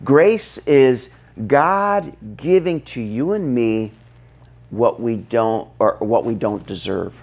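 A man preaching a sermon, telling a Bible story dramatically, dropping to a hush and then acting out shouts. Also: medium pitch, slow, creaky. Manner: dramatic, acts out the scene, shifts from hushed to shouting. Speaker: pastor.

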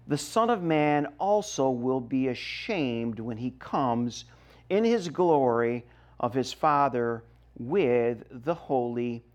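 A middle-aged man preaching a sermon as a pastor, reading scripture and explaining it emphatically, his voice rising and dropping sharply. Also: medium pitch. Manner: emphatic preaching with wide swings in loudness.

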